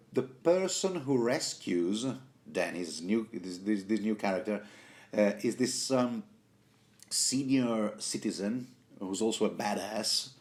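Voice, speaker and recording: A man with a fairly low voice talks through a book chapter as a casual commentary host. He rambles, corrects himself mid-sentence and drops in jokey asides. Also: darkish tone.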